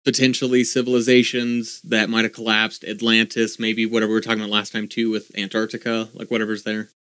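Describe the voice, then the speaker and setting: A man's voice: fairly low pitch, completely flat delivery, fast talker, fairly bright tone, clear, resonant tone, dry recording. A man co-hosting a casual podcast, thinking aloud and reading bits of articles as he talks. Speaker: podcast co-host. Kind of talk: casual chat.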